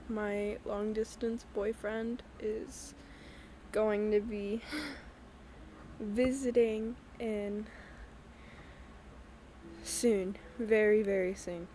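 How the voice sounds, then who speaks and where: A young woman hosting her own podcast, talking candidly in a halting, hesitant way with many pauses and ums. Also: mid-range voice, steady tone, mellow, a little hiss or hum. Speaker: podcast host. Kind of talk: candid personal talk. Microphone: voice-only recording with a black screen.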